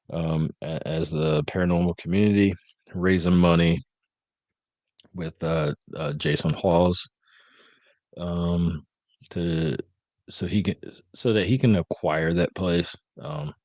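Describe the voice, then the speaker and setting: Low, dry-voiced man rambling casually. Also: darkish tone, dry recording. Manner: rambling, many ums and uhs. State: sleepy, yawning. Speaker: podcast host. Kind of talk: casual live-stream chat.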